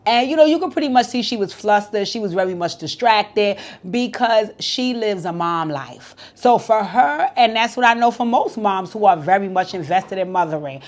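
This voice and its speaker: A woman's voice: medium pitch, expressive, normal speed, hardly any pauses. A woman giving a casual, candid recap of a reality TV episode, chatty and freely swearing. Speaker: reality TV show reviewer.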